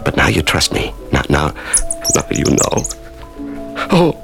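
A shaken prisoner from a radio drama, stammering and halting. The voice is low and gravelly, with slow, drawn-out phrasing and wide swings in pitch. Music plays behind the voice. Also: male voice, wildly swooping pitch, exaggerated voice. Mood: pleading, tender. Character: prisoner long held in a dark cell, shaken.

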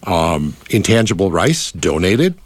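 A man's voice: deep voice, sing-song, measured pace, slight background noise. A middle-aged man hosting a casual radio chat, rambling with many fillers and restarts. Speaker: radio host.

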